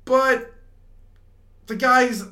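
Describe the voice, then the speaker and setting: High-voiced young man ranting, echoey. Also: drawn-out words. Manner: rambling, heavy use of "like", animated rants. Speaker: podcast co-host. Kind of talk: casual wrestling chat. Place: small studio. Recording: echoey room.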